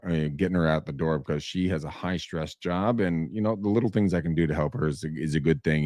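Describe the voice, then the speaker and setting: Guy with a really low voice joking around on a podcast, curses a lot, dead dry sound. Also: dry recording. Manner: animated, laughing, swears freely. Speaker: show host. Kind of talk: casual podcast banter.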